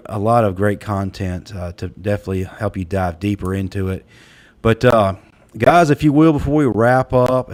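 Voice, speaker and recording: A man hosting a casual panel talk show, speaking in a relaxed way with many fillers. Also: on the low side. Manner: relaxed, lots of fillers and laughs. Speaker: podcast host.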